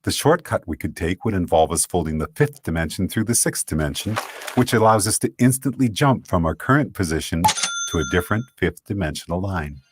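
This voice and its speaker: A man narrating an explainer video in a steady, scripted way. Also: sits low, fairly quick, noisy background.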